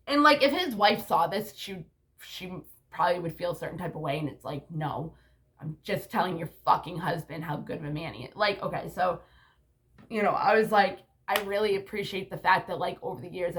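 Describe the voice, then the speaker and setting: A woman's voice: medium pitch, bright, forceful tone. A woman talking to her camera in a casual vlog, rambling bluntly with frequent swearing and lots of "like" and "you know.". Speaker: vlogger and mother.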